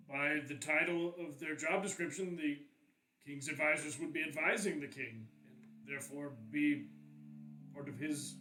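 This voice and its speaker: A man narrating as game master, explaining at length in a measured way. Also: fairly high pitch, pushed and bright, soft background music, rough recording.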